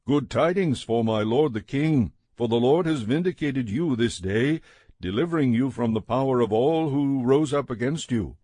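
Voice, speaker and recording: A man's voice: mid-range voice, expressive, normal speed, dark tone, no room sound, close to an everyday voice. A man reading the lines of a male runner bringing formal news to a king.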